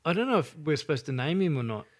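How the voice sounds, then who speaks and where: A man's voice: on the high side, big pitch swings, fast talker. A man co-hosting a casual podcast, crude and laughing. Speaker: podcast co-host. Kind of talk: casual chat.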